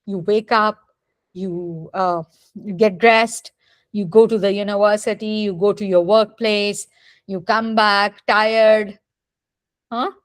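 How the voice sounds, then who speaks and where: A literature teacher gives a classroom lecture in a mid-range, fairly even voice, recorded dry. She speaks deliberately and often asks the students rhetorical questions to check that they follow.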